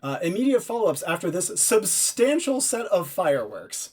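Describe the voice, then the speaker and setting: A man narrating a tabletop game as game master, describing scenes in an unhurried way with occasional fillers. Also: high-pitched, big pitch swings, darkish tone, slightly rough.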